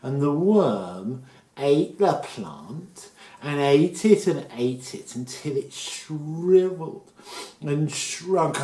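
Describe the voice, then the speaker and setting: Man telling a kids story, slow and playful, echoey room. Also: on the high side, creaky. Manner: animated, playful. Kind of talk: storytelling for children.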